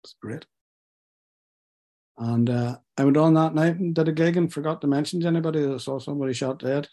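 A middle-aged man tells a personal story to an interviewer, candid and self-mocking, halting with fillers and close to tears. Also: a little high, steady tone, warm tone. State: tearful.

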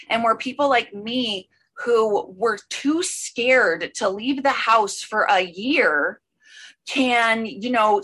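A woman telling a personal recovery story at an online meeting, rambling with many fillers and bursts of excited speed. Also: medium pitch. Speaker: speaker sharing a recovery story.

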